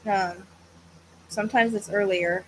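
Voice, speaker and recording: A woman with a mid-range, fairly bright voice speaks in a steady tone at an unhurried pace. She's a psychic medium hosting a livestream at home while a fan runs, chatting casually in a tired, hesitant, rambling manner with many fillers and the odd yawn. It's a rough recording with slight background noise.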